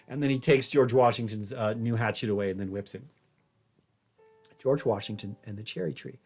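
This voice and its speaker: A man's voice: mid-range voice, fairly quick, darkish tone. A man giving a recorded history lecture as a professor, conversational and wry, telling stories along the way. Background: faint jazz piano.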